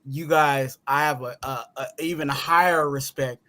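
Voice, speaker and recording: Sleepy guy just woke up, mid-pitched voice, stammers and repeats himself. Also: steady tone, moderate pace, sharp tone. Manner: stammering, repeats words while starting sentences. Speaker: guest. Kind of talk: casual podcast chat.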